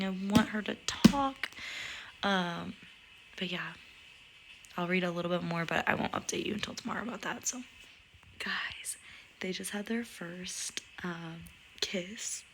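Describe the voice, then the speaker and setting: A woman giving a hushed, giddy book update from a dark room, often dropping into a whisper. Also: medium pitch, slight background noise. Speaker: book vlogger. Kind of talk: casual chat.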